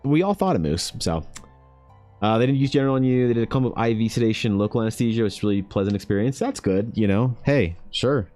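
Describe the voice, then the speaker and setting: A man's voice: mid-range voice, lively intonation, quick pace, mellow, soft background music. A man in his thirties, an artist chatting casually with viewers while drawing, laid-back and rambling, laughing often and calling people dude. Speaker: artist livestreaming.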